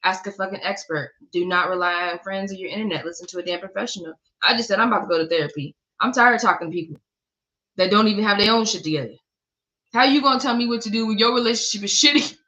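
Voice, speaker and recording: Woman, tarot reader, blunt and profane, casual chat, mid-pitched voice. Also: bright, forceful tone, rough recording. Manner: blunt and profane, swears often, laughs at herself. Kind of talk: casual spiritual card reading.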